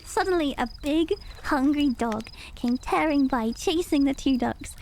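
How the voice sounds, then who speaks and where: Playful high-voiced woman reading storybooks. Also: measured pace, hardly any pauses, noisy background. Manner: playful, chatty asides and laughs between lines. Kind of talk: reading children's stories aloud on stream.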